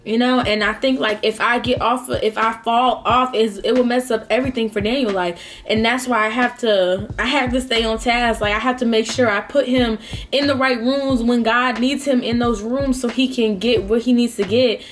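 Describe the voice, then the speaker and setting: A woman's voice: a little high, steady tone, moderate pace, a little hiss or hum. A woman in her twenties talking casually while eating, heartfelt and rambling, with lots of fillers. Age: 20s. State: close to tears at times. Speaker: vlogger. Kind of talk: casual mukbang talk.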